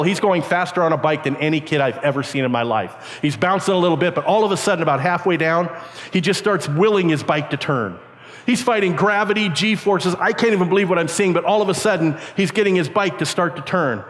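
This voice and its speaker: A man telling a lively childhood story to a youth camp, often jumping into high squeaky voices to play the kids he quotes. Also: fairly quick. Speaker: camp speaker. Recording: reverberant hall.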